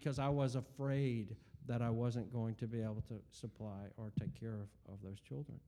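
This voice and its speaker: With a warm, medium-pitched voice and fairly even intonation, a man in his forties recounts his personal faith testimony at a moderate pace with few pauses. He's earnest and rambling, full of fillers and restarts.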